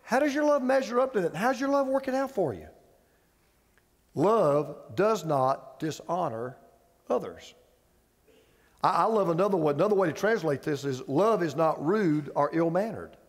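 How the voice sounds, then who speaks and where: Male pastor, high-pitched, conversational and emphatic preacher who keeps questioning his listeners. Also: animated, fast talker, hardly any pauses, long reverb tail. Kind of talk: sermon. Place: church sanctuary with audience.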